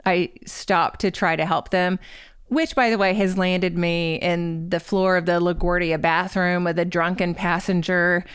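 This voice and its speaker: Candid woman in her forties, smooth voice. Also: lowish voice, fairly even intonation, a little slow. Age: 40s. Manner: candid, self-deprecating storyteller. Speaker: guest author. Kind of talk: podcast interview storytelling.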